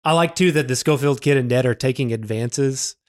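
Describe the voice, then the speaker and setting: A man's voice: mid-range voice, brisk. A man co-hosting a podcast, retelling a film scene by scene in casual chat, swearing freely and acting out the characters' lines. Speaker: podcast co-host.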